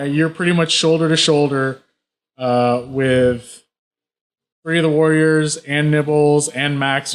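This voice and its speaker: A man narrating as game master in a casual, halting way. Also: medium pitch. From Southern United States.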